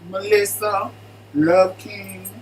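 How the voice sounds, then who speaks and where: A man's voice: sits high, little pitch movement, very slow, a little hiss or hum, rough recording. A man co-hosting a casual live stream at home, chatting and calling out viewers by name. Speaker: co-host of a live stream show. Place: home living room.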